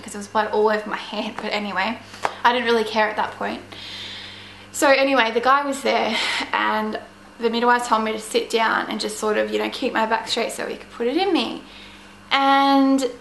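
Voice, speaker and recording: A young woman tells her story in a casual, rambling way, leaning on "like" and "you know." Her voice sits a little high and stays flat in pitch, with vocal fry. The room sounds roomy and echoey, with a faint hum behind her. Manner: chatty, meandering, full of "like" and "you know". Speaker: vlogger.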